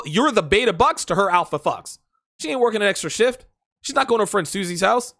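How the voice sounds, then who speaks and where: A man's voice: high-pitched, fairly bright tone, no echo, studio quality. A man hosting a dating advice stream, talking in a crude, profane, rambling solo monologue and repeating himself for emphasis.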